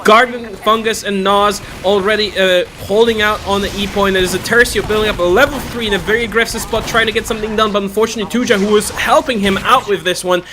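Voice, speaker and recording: High-pitched excitable man casting a match. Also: fast talker, hardly any pauses, noisy background. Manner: excitable, shouts at big plays. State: losing his voice. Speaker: esports caster. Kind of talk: excited play-by-play commentary.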